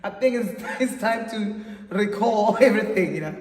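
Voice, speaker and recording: A man's voice: high voice, moderate pace, darkish tone, far from the mic. A man hosting a casual interview, rambling and repeating words, laughing often. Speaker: host. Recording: echoey room with long reverb, off-mic.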